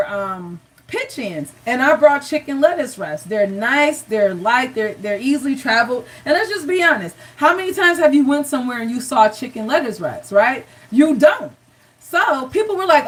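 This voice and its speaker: A woman's voice: on the high side, distant mic, poor audio. Chatty, encouraging woman cooking host. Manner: chatty, encouraging, talks straight to viewers. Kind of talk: live cooking demonstration.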